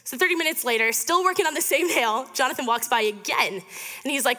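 A woman's voice: high-pitched, expressive, fast talker, pushed and bright. A young woman in her twenties giving a chatty, upbeat storytelling sermon to a student fellowship, with lots of fillers. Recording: reverberant hall.

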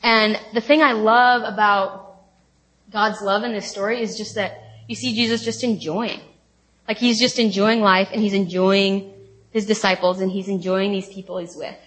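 A young woman gives a relaxed teaching talk on a Bible story. She speaks informally and chattily, with plenty of fillers and playful retellings. Her pitch sits in an ordinary middle range. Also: normal speed. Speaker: speaker at a college ministry talk.

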